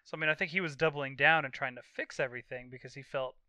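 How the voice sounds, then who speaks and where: A man with a very bright, crisp, somewhat high voice trading wry, sarcastic jabs about a movie on a podcast. The sound is dry and close, with no room around it. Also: fast, dry recording. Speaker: podcast co-host. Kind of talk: casual movie-review chat.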